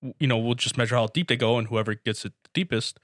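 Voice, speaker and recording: A man's voice: medium pitch, quick pace, fairly bright tone, dry recording, clean studio sound. Rambling, swearing young man telling jokes. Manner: rambling joke-teller, swears a lot. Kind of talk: casual chat among friends.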